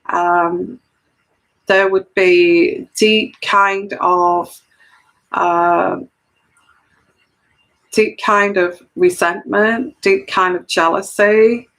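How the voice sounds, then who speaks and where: A tarot reader's voice, on the low side and a bit bright, stays steady as she speaks very slowly with frequent pauses in a low-quality recording. She talks earnestly to camera in a solo monologue of personal commentary, often repeating phrases for emphasis.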